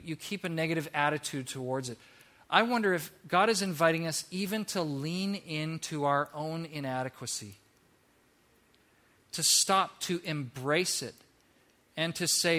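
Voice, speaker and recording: Animated bright-voiced male preacher. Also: a little high. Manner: animated, acts out playful mock voices. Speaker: pastor. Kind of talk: sermon.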